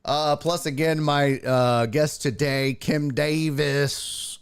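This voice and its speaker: A man's voice: a little high, steady tone, slow pace, clear, resonant tone. A man hosting a casual streamed sports talk show, chatting loosely with his viewers in a blunt, slangy way and swearing now and then.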